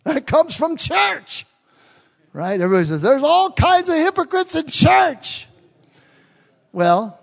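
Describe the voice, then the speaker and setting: A man with a voice on the high side and a darkish tone preaches a sermon as pastor in a church sanctuary. He speaks conversationally and puts questions to the congregation, with the long reverb of a large hall.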